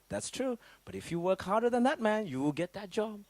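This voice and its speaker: A middle-aged man from Africa giving a motivational business workshop, swinging between loud high bursts and low quiet asides. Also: expressive, a little fast, creaky, dry recording. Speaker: business coach.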